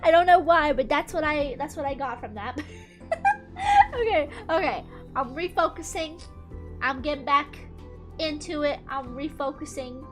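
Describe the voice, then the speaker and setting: A woman's voice: high-pitched, moderate pace. A young woman streamer chatting casually while playing a game, giggly and gushing. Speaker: gaming streamer. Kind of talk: casual let's-play chat. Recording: commentary over game music.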